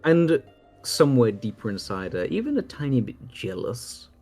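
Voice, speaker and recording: A man's voice: mid-range voice, sing-song, moderate pace, mellow, soft background music. A man playing a tabletop game, narrating his character in a casual, laughing way and swearing freely. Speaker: player.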